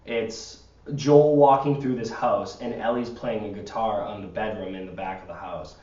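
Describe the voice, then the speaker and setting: A man's voice: on the low side, steady tone, normal speed, darkish tone, dull audio. Podcast host man, distant roomy sound. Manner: rambling, explains at length. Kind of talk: casual podcast chat.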